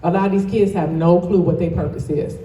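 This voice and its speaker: A woman's voice: lowish voice, fairly even intonation, fairly quick, warm tone, recorded from a distance, a little hiss or hum. Passionate woman speaking in an echoey hall. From Toledo, Ohio. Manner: passionate, emphatic, addresses the crowd directly. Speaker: guest speaker and dance studio owner. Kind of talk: motivational speech to a live audience. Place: event hall, indoors.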